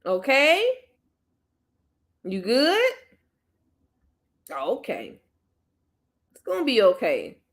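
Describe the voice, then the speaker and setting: A woman hosting a casual livestream, gently coaxing and soothing a child, then chatting easily with her viewers. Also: a little high, wildly swooping pitch, drawn-out words, pauses often. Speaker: livestream host and mother.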